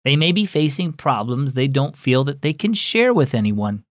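A man's voice: mid-range voice, big pitch swings, normal speed, no echo, clean studio sound. A man hosting a children's devotional program, friendly and encouraging as he speaks to kids. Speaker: host.

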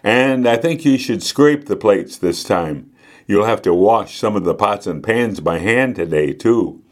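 A man voicing a patient, kindly mother speaking gently to her children in a storybook. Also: on the low side, expressive, a little slow. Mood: gentle.

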